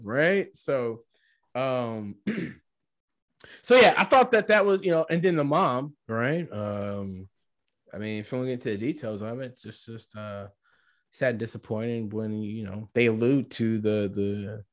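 A man's voice: medium pitch, animated, moderate pace. A man co-hosting a podcast, chatting casually and rambling with frequent "right?" asides. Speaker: podcast co-host. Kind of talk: casual chat.

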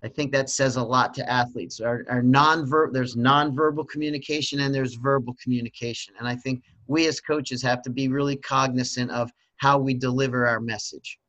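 A man's voice: mid-range voice, fairly even intonation, normal speed, hardly any pauses, a bit bright, highs cut off. A man, a swim coach, talking casually and giving earnest, emphatic advice. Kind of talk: casual conversation.

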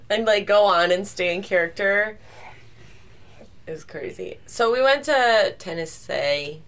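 Slow-talking woman, amused co-host. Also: medium pitch, animated, a bit bright. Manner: amused storyteller, laughing often. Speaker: podcast co-host. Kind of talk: casual chat.

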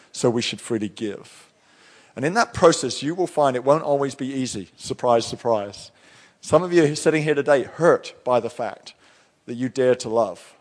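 Preaching from the pulpit, this middle-aged man speaks at a medium pitch in a relaxed, storytelling manner. He restarts himself frequently as the sermon goes on.

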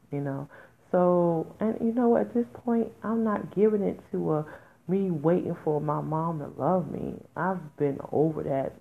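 A woman's voice: lowish voice, gravelly. A woman hosting a podcast, talking candidly and emotionally, with raw, emphatic outbursts in informal speech. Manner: informal, speaks in dialect. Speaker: podcast host. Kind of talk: emotional personal monologue. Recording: tinny phone-like audio.

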